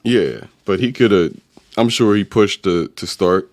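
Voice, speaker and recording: Deep-voiced laid-back man reading stats. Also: a little slow. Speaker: show co-host. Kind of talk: casual sports chat.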